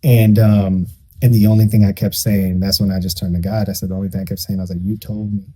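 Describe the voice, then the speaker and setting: A man's voice: low-pitched, level tone, fast talker, warm tone, husky. A young man at a church conversation telling a personal testimony in an emotional, vivid way, acting out the people in it. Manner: emotional, vivid storytelling that acts out the people involved. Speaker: guest.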